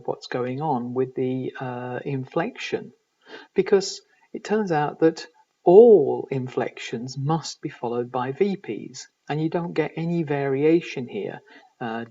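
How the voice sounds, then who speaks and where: A man giving a recorded university lecture in linguistics, measured and explanatory, often pausing to find his words. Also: medium pitch, dark tone, husky. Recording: distant, dull lo-fi recording.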